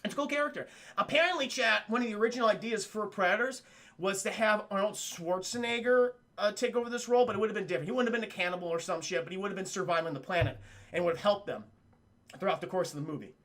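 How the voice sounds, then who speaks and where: A man streaming a spoiler-heavy film recap to his live chat, excitable and profane, laughing often and acting out the characters' lines. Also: sits high, fast. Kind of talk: animated spoiler recap with quoted character voices.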